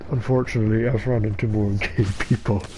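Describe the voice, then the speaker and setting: A tired young Scottish man streams online matches, rambling, joking and swearing a lot as he plays. His voice is lowish and dark, steady in tone and a little fast, with a faint hiss or hum in the audio.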